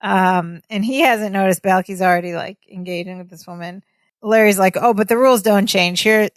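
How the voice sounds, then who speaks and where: A woman's voice: medium pitch, moderate pace, dry recording, studio quality. A woman co-hosting a podcast, casually retelling sitcom scenes and quoting the characters. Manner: lively storytelling, quotes characters. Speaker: podcast co-host. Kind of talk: casual chat recapping a sitcom.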